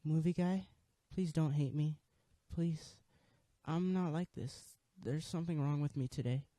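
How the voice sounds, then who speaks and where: A man voicing a timid, bookish teenage girl who speaks softly and stammers as she goes. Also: a little high, measured pace, no room sound, pitched above the performer's own voice, close to an everyday voice. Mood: timid, pleading. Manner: hesitant, stammering, soft-spoken.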